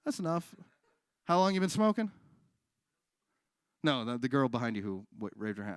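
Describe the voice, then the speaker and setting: A man performing a stand-up comedy set on a live stage, with deadpan delivery, crowd work and acted-out dialogue. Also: medium pitch, normal speed, clean tone, dry recording, studio quality.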